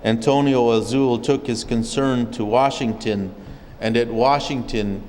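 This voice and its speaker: A man from an O'odham community in Arizona recounting his people's history as a speaker at a public forum, in a measured storytelling way. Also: medium pitch, steady tone, a little mellow, long reverb tail, a little hiss or hum, poor audio. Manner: measured storytelling, occasional restarts. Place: legislative chamber at a state capitol.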